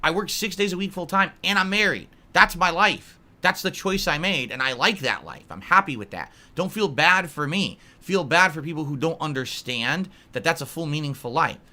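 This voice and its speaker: A man's voice: a little high, lively intonation, normal speed, few pauses, pushed and bright. A man in his early forties answering live chat on a stream, blunt and easily irritated, calling viewers idiots. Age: 40s.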